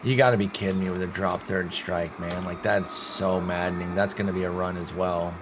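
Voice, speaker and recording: A young man commentating his own baseball sim game like a play-by-play announcer, swinging between sulky frustration and loud excited outbursts, with some swearing. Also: low voice, fairly quick, background noise. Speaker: gaming streamer.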